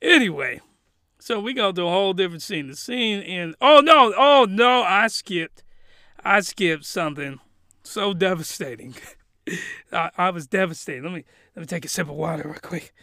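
A young man tells a rambling comedic recap, animated and full of laughs. His voice sits fairly high and sounds very bright and sharp. The recording is close and dry. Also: normal speed, no echo. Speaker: youtuber.

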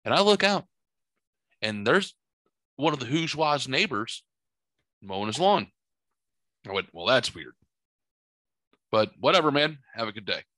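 A middle-aged man hosting a casual chat, telling rambling, profane, animated stories from his home studio. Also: medium pitch, measured pace, pauses often, dry recording. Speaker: podcast host.

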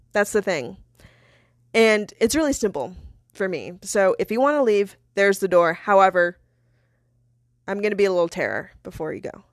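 A young woman hosting a podcast, telling a personal story in a candid, animated way, swearing and laughing between many fillers. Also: medium pitch, no room sound, clean studio sound. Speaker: podcast host.

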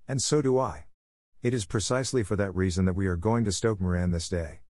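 A composed, clever detective read by a man reasons aloud in a low, even voice. The reading is dry and close, unhurried and wry. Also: dry recording, lightly acted. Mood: calm. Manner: calm, measured, wry. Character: calm, sharp-witted male detective.

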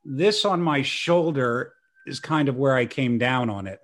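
A young man telling a story in a casual chat, animated and self-mocking. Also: mid-range voice, a little slow.

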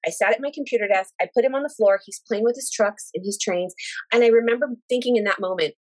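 Speaking fast in a fairly high voice, this thirty-something woman shares a personal story as a guest in casual conversation. Emotional and animated, she performs the quoted lines and frames things in grateful, religious language.

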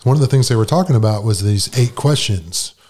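A man's voice: on the low side, expressive, brisk, darkish tone. A man, a podcast guest, tells his story candidly in casual conversation and acts out the dialogue with animation.

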